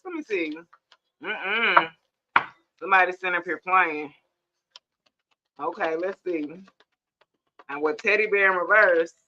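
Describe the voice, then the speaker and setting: A young woman reads tarot cards straight to camera, sassy and blunt, with quick laughing asides. Her voice is bright and sharp, and the sound is dull and lo-fi, like a phone mic. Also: fairly low pitch, slight background noise. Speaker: tarot reader. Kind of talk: casual tarot reading to camera.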